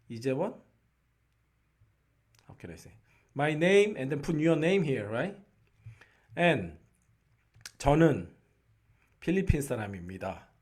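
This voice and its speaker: A male language teacher with a Korean accent leads a beginner lesson. He talks slowly and patiently, in a voice of middling pitch, and keeps checking that learners are following along. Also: a little mellow. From South Korea. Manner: slow, patient, repeats "right?" to check on learners.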